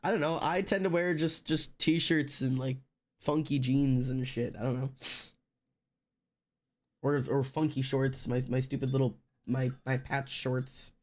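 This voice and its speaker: His voice sits at medium pitch with fairly even intonation and a slightly slow pace. The young man is live streaming at home, rambling casually to viewers with frequent fillers and restarts.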